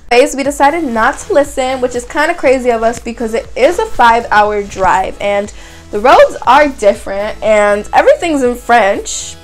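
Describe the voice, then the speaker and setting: A woman's voice: fairly high pitch, lively intonation, normal speed, soft background music. An eighteen-year-old woman, telling a story vlog in a chatty, dramatic way and saying "like" a lot. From Canada. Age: young adult, 18. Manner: chatty, dramatic retelling with frequent "like". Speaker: vlogger. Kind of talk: casual storytime.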